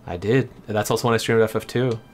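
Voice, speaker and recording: Male game streamer, casual and excitable, light swearing; faint game music behind. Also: fairly low pitch, fast talker. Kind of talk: casual gameplay chat.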